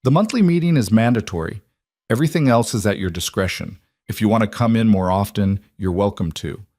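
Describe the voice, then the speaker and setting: A calm, businesslike woman boss, steady and sure of herself, as a man reads her part in a storybook. The voice sits fairly low for her. It sounds very close and dry, with no room around it. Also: dry recording. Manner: measured, direct and reassuring. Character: composed female executive making a job offer.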